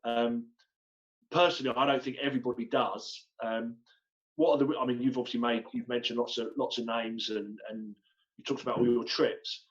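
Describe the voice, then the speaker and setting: A male interviewer asks long, halting questions, stumbling and restarting several times before reaching his point. His voice sounds set back from the microphone, with dull, muffled audio. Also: mid-range voice, fairly even intonation, recorded from a distance. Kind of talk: live online interview.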